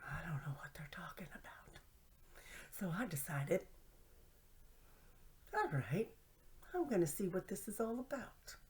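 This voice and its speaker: Playful low-voiced woman telling funny stories. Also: very animated, a little slow, pauses often, a little mellow. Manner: playful, self-mocking, drops to whispers for asides. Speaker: host. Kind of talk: humorous storytelling monologue.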